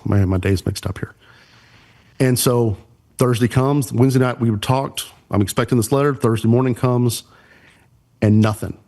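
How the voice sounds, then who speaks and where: A man's voice: fairly low pitch, darkish tone. A man, a church production pastor and podcast guest, earnestly telling an emotional personal story.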